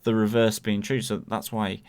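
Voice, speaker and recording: A man's voice: fairly low pitch, flat delivery, normal speed, a little mellow, smooth. A man co-hosting a podcast, chatting casually and searching for words as he rambles through his thoughts. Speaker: podcast co-host. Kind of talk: casual TV review chat.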